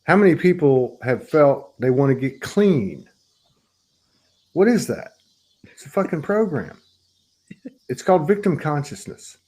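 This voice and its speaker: Very slow-speaking male host, emphatic. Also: fairly high pitch, sing-song, mellow, slightly rough, rough recording. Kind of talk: conversational spiritual talk.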